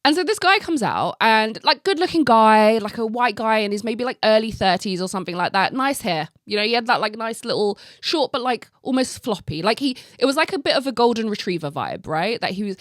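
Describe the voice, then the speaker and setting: A woman hosting a podcast, telling a story in a casual, animated way, full of "like" and acted-out reactions, with some casual swearing. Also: fairly high pitch, fairly quick, few pauses, no echo, clean studio sound. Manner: animated, heavy use of "like", acts out her own reactions. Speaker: podcast host.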